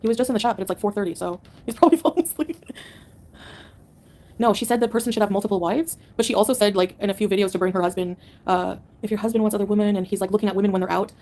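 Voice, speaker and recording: A woman's voice: medium pitch, fairly even intonation, very fast, darkish tone. A woman livestreamer answering her chat in a combative, sarcastic rant. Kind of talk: live-stream rant to chat.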